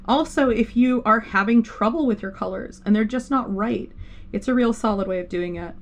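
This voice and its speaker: Woman art instructor with a fry-tinged voice, chatty and self-correcting, faint noise on the stream mic. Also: a little high, normal speed. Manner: rambling, self-interrupting, with many fillers. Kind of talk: live digital painting tutorial.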